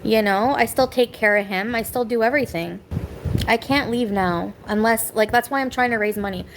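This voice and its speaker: Woman, higher register, venting at home on a live stream; rambling, bitter, quick to snap at viewers; slight background noise. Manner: rambling, bitter, talks back to chat. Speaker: livestreamer. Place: home kitchen.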